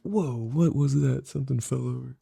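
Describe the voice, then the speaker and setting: A man's voice: medium pitch, moderate pace, creaky, noisy background. A man hosting a solo podcast, rambling casually, swearing and often laughing. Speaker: podcast host.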